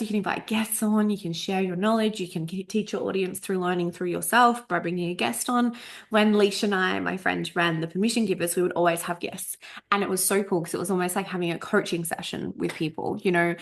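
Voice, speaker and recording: A woman in her thirties talks through a podcast workshop in a loose, chatty way, punching her points hard and swearing casually. She stumbles and restarts and sounds a little coughy. The sound is close and clean from a desk microphone on a video call. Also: medium pitch. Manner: chatty, emphatic, swears casually, trips on words. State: a bit coughy. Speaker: coach running a podcast workshop. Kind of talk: casual spoken workshop talk. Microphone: desk USB microphone over a Zoom recording.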